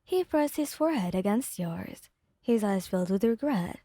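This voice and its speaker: A woman narrating an ASMR fanfic reading in a soft, steady storytelling manner. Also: mid-range voice, normal speed, dry recording, clean studio sound. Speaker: fanfic reader.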